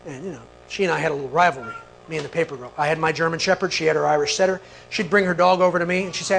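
A man telling a personal story to an audience, animated, with quick asides to the listeners. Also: a little high, creaky, a little hiss or hum, low-quality recording. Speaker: speaker.

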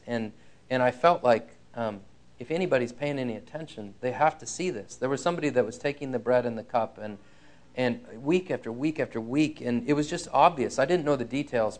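A man with a medium-pitched voice preaches a sermon, sharing a personal story in an earnest, frank way. He slows down to emphasize key lines.

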